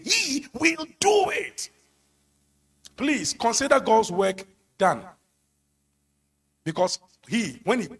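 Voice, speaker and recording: A man's voice: high-pitched, slightly rough. A man preaching a sermon, pressing his points with emphatic, sung-out phrases. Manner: emphatic, rising to sung shouts on key phrases.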